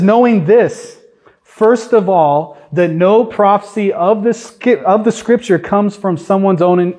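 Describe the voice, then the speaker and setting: A man with a high, husky voice delivers an earnest sermon from a church pulpit. He drives his points home with emphatic repetition and rhetorical questions aimed at the congregation. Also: a little mellow. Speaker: guest preacher.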